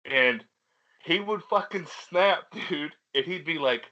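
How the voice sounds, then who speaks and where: A man's voice: a little high, expressive, unhurried, pushed and bright, lo-fi sound. A young man, co-hosting a podcast and telling rambling, profane stories while laughing at himself. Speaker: podcast co-host. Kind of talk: casual storytelling chat.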